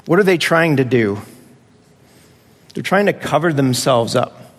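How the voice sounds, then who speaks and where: A man's voice: medium pitch, expressive, a little slow, in a large hall. Man preaching a conversational sermon. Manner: conversational, with acted-out voices of children. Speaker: pastor.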